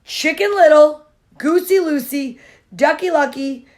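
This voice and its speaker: A woman's voice: sits high, measured pace. A woman comedian reading a children's storybook aloud with gushing, playful asides.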